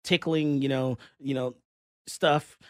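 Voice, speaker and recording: A man hosting a radio talk show, ranting in a casual, animated way with lots of fillers, recorded on a close studio mic. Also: mid-range voice, takes it slowly, no room sound. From Texas. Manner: animated, exasperated rants with many fillers.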